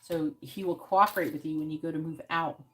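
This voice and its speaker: Blunt, low-voiced woman giving tarot advice. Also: steady tone, fairly quick, a bit bright, a little hiss or hum. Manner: blunt, frank advice with frequent swearing; coaching, scripting what the client should say. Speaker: psychic tarot reader. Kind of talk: live-streamed tarot reading advice.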